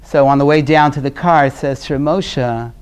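A man from Brooklyn, New York, giving a conversational class on parenting. He is earnest and often drops to a quiet, low voice as he tells stories. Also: normal speed, smooth. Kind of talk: conversational lecture with storytelling.

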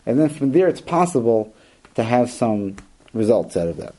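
A man's voice: mid-range voice, sing-song, normal speed, dark tone, poor audio. A man, likely middle-aged, giving an earnest instructional talk to parents, stressing points by repeating words and acting out quoted lines. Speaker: parenting educator.

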